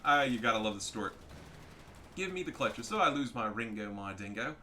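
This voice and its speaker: A man giving casual, profane commentary over a strategy game, getting loud and excited at big plays. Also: medium pitch, moderate pace. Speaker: gaming commentator.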